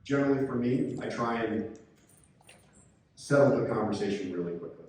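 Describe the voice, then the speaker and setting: Guy giving a calm talk to a room, mic far off, big echoey hall w faint hum. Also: fairly low pitch, normal speed. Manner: calm, coaching, animated when acting out angry coaches. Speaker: presenter, sports official. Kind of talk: conference presentation. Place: conference room.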